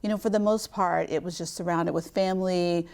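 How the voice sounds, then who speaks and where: A woman in her fifties from Kentucky speaks as a guest on a TV interview show, with a softened Southern drawl. Her voice has a gravelly edge and sits a little low. She talks in a measured, reflective way, pausing on little "um"s as she gathers her thoughts. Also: fairly even intonation. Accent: light Southern US drawl. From Louisville, Kentucky. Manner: measured, reflective, with frequent "um" pauses. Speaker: guest, nonprofit chief executive. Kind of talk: TV studio interview.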